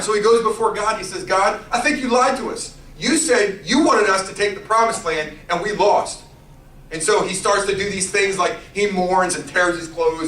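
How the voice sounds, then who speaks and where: A man giving a youth sermon, telling a story in an animated, playful way with character voices. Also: sits high, normal speed, reverberant, far from the mic, a little hiss or hum, low-quality recording. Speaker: youth pastor.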